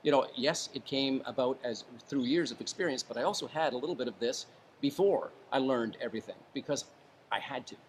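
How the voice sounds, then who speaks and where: A man, a former hostage negotiator and author, giving advice in a casual interview, calm and deliberate, varying his tone and pausing for effect. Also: mid-range voice, slight background noise. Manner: calm, varies tone and pauses for effect.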